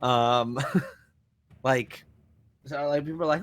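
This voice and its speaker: A man running a tabletop game as dungeon master, narrating in a rambling, animated way full of fillers. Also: medium pitch, slow pace.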